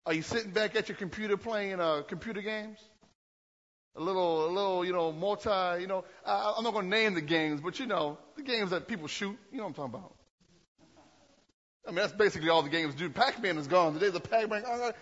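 Husky, high-voiced preacher in a hall. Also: male voice, fairly bright tone. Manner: conversational, rambling with repeated restarts. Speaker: pastor. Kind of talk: sermon. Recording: long hall echo, dull lo-fi sound.

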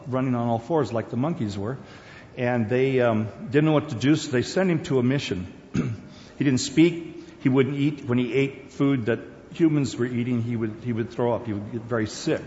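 A man's voice: medium pitch, a little mellow, slight background noise. A man who grew up in Korea, Borneo and Singapore, talking informally in a rambling, conversational way with many fillers and restarts. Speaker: speaker. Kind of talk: informal personal talk. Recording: dull sound with long hall reverb.

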